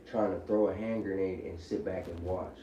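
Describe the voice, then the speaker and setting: Deep, dark-voiced man rambling casually. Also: steady tone, moderate pace. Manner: loose, rambling with many likes. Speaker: former inmate on parole. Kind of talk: casual candid chat. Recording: muffled echoey room audio from a distance, faint hiss.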